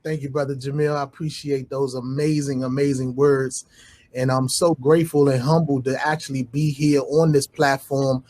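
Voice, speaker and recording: A man's voice: mid-range voice, little pitch movement, normal speed, darkish tone. A man, the guest speaker, opening with effusive thanks to the host and the organizer. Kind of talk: grateful opening remarks.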